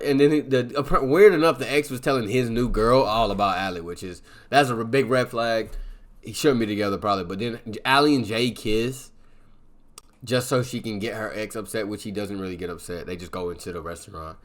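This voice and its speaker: Casual male film reviewer with a low voice who rambles through the plot on filler words. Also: moderate pace, fairly bright tone. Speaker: movie reviewer.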